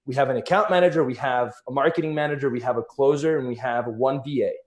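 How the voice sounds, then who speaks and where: A man's voice: medium pitch, quick pace. A man in casual business conversation, explaining his points earnestly with examples.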